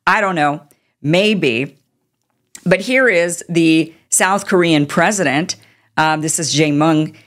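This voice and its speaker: A woman with a lowish voice runs a political commentary show. She speaks with indignant, sarcastic force. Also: takes it slowly, a bit bright. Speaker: commentary host.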